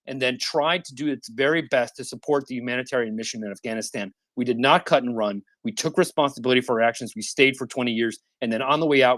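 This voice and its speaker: A man's voice: mid-range voice, fairly bright tone, no room sound. A man in his thirties arguing passionately in an online audio discussion, insistent, cutting in and repeating himself. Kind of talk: heated debate.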